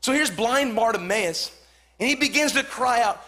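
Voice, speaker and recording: High-voiced fervent preaching man. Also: expressive, moderate pace. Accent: Southern Californian. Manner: fervent, repetitive, rising to shouts. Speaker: pastor. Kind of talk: sermon.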